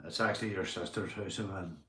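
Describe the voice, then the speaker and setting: A Northern Irish man live-streaming from home, chatting casually, swearing and giving shout-outs to his viewers. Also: low voice, fairly even intonation, a little fast, echoey room. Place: indoors at home.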